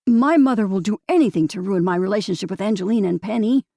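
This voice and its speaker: An anxious young man, earnest and pleading as he tries to set things right, as a woman reads him aloud. The voice is mellow and gravelly, sitting close and dry. It is an audiobook figure with a steady middle pitch. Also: fast, no echo.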